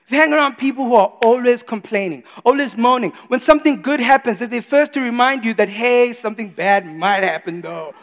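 A man in his thirties preaching a sermon, animated, swinging between quiet confiding asides and loud exclamations. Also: very high-pitched, a little fast, hardly any pauses. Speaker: pastor. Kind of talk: sermon with storytelling. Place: church. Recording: reverberant church hall.

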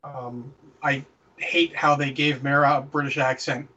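A man's voice: medium pitch, level tone, unhurried, bright, forceful tone, recorded from a distance, lo-fi sound. A man co-hosting a casual movie review podcast, opinionated and ranting, swearing freely. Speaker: podcast co-host.

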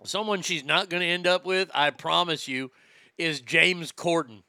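A man with a high, bright, sharp voice rants crudely and mockingly. The sound is dry and close, with no room echo. He swears freely and throws jabs. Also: a little slow, smooth. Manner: loud, profane, mocking, laughs at own jokes. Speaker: comedy podcast host. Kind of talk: crude comedic rant.

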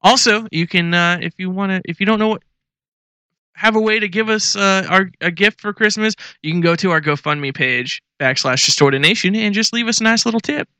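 A man co-hosts a radio show, his voice forceful and tense yet smooth. He talks in a laid-back, jokey way and trips over sponsor plugs. The studio sound is dry and close. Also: high-pitched, a little fast, no echo. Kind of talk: casual radio banter and sponsor reads. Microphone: studio headphones and mic.

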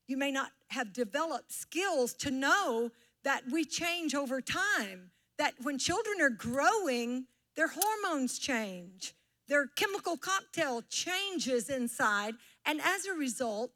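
A middle-aged woman pastor preaching a sermon, teaching and drawing responses from the congregation. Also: sits high. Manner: warm teaching tone with audience call-and-response.

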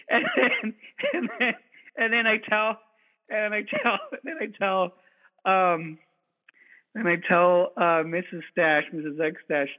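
A man co-hosting a podcast, telling an animated, profane story in casual chat. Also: high-pitched, slow, pauses often. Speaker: podcast co-host. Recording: tinny phone-like sound.

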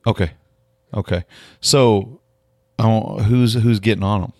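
A man's voice: on the low side, fairly even intonation, slow, a little mellow, no echo, studio quality. A middle-aged man hosting a podcast, talking casually and chattily, often repeating words as he starts his sentences. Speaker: podcast host. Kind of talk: casual interview chat.

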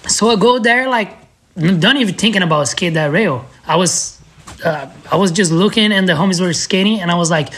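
A young man with a Brazilian accent, a native Portuguese speaker, telling stories as a podcast guest in an animated way, acting out his friends' lines. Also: sits high, a little fast, slightly rough. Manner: animated, acts out friends' lines, laughs often. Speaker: guest, pro skateboarder. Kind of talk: casual podcast storytelling.

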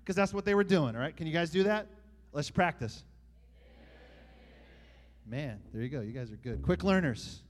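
A man's voice: a little high, expressive, moderate pace, pauses often. A man preaching a sermon in church, talking casually with the congregation and building up to emphatic scripture reading. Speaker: pastor. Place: church sanctuary.

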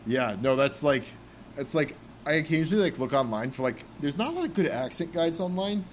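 A man's voice: a little high, sing-song, brisk, a little hiss or hum. A man hosting a casual podcast, rambling with lots of fillers, and reading the show's sign-off. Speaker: podcast host. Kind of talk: casual chat.

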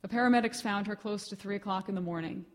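A woman giving a live reading of her own fiction at a reading event, with measured, expressive storytelling. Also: mid-range voice.

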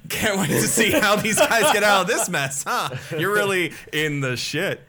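A man running a tabletop game as game master, narrating scenes at an unhurried pace with casual fillers. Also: high voice, animated, pushed and bright, a little hiss or hum.

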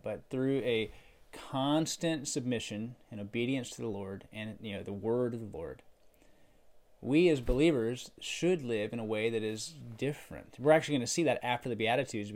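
A middle-aged man preaching a sermon as a pastor, conversational in tone, who builds to loud, emphatic peaks and then drops back low and quiet.

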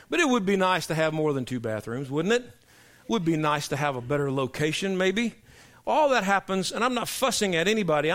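Middle-aged pastor guy preaching in church, kinda high voice, punchy and emphatic. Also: fairly bright tone. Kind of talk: sermon. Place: church sanctuary.

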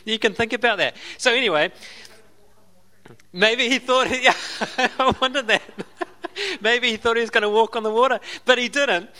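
A man's voice: very high voice, moderate pace, pushed and bright. A man with an Australian accent preaching a sermon as a pastor, telling the story conversationally with asides and laughs.

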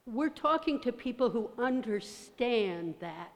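A woman's voice: fairly high pitch, animated, slow pace. A woman in the audience at a public talk asking a question, insistent and persistent. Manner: insistent, persistent, keeps the floor. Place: large church hall. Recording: reverberant church hall.

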